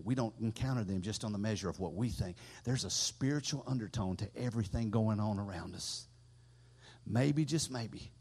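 A middle-aged man preaching a sermon as pastor, swelling loud and high, then dropping low. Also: breathy edge. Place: church sanctuary. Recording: long echo from a big hall.

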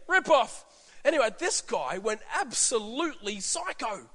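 Aussie pastor preaching, high bright voice, tells stories, echoey hall. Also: male voice, animated, fairly quick. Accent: Australian. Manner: storytelling, acts out voices, many restarts. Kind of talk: sermon.

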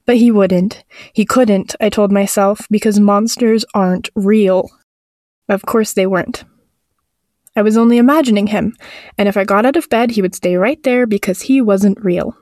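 A woman tells a first-person horror story at a medium pitch, measured and tense. Her voice is close and dry, with no room sound around it. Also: a little mellow, dry recording. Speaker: narrator.

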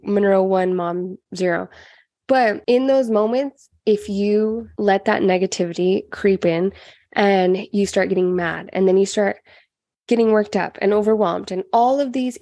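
A woman in her twenties or thirties, hosting a motivational self-help podcast in an energetic, chatty manner with plenty of "like" fillers. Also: medium pitch, no room sound, clean studio sound. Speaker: podcast host.

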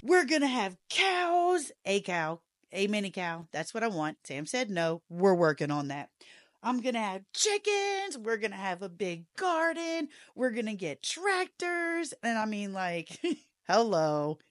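A woman's voice: mid-range voice, unhurried, no room sound. Woman, podcast host, chatty storytelling, dry close mic. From rural American South. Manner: chatty, laughing, animated retelling of dialogue. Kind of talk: casual storytelling monologue.

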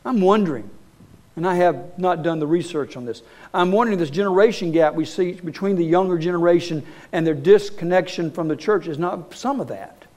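A pastor preaching a sermon, earnest and emphatic, asking his congregation rhetorical questions and pausing for weight. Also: high voice, a little mellow. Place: church sanctuary.

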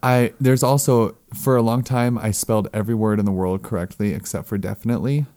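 A man with a low, warm, mellow voice hosts a relaxed conversation. He asks light questions and keeps the mood playful and jokey. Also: a little fast. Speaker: host asking questions. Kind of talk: casual chat.

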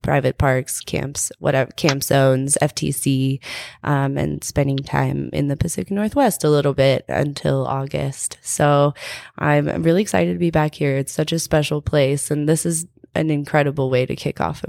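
Low, gravelly-voiced woman guest. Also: steady tone, moderate pace, darkish tone, no echo. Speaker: guest, terrain park builder. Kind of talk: casual podcast interview. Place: booth in a lodge bar.

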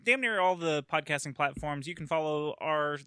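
A man's voice: a little high, lively intonation, moderate pace, bright, forceful tone, clear, resonant tone, no echo, studio quality. A man hosting a casual gaming podcast, laughing often as he chats. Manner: laughs often, wraps up the show. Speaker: podcast host. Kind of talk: casual chat.

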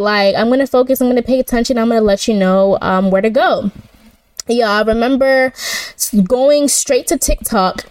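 A woman's voice: fairly high pitch, normal speed, a little mellow, clear, resonant tone, dry recording. A young woman hosting a casual faith podcast, telling a personal story in a chatty way, full of "y'all" and "like". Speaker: podcast host. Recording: dry, slightly distant mic.

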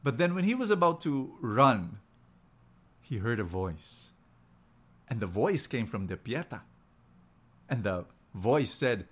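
A man hosting a Christian radio program, telling an inspirational story in an earnest, animated way, with lots of emphatic repetition. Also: mid-range voice, takes it slowly, pauses often, breathy edge. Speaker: radio preacher, host.

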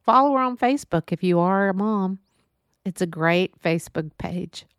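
An earnest middle-aged woman delivers a heartfelt monologue, now and then acting out the voices in her story. Her voice has a gravelly edge. The recording is close and dry, with no room sound. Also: on the low side, lively intonation, moderate pace, no room sound. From Texas. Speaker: podcast host.

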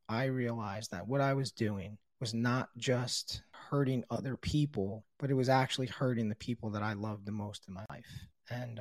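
A man's voice: medium pitch, dry recording. Candid man telling his story, dry sound. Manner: candid, frequent swearing, quotes others in dialogue; grows quiet and subdued in emotional moments. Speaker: podcast guest telling his recovery story. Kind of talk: personal storytelling.

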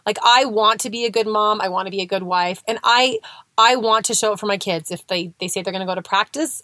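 A woman's voice: mid-range voice, fairly bright tone, no echo. Chatty motivational woman coach, dry sound. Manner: chatty, conversational, lots of "like" and "right?". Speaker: weight-loss coach. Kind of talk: casual motivational talk.

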